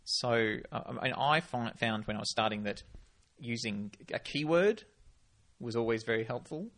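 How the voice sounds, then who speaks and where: A man's voice: mid-range voice, lively intonation, normal speed, fairly bright tone. A man co-hosting a podcast in casual chat, talking about doing accents and now and then slipping into playful impressions. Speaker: podcast co-host.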